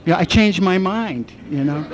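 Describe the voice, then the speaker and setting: A middle-aged man speaking at a recovery meeting, telling his own story with candid, self-mocking dark humor. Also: high-pitched, lively intonation, measured pace, crowd noise. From southwestern United States. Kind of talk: personal recovery talk.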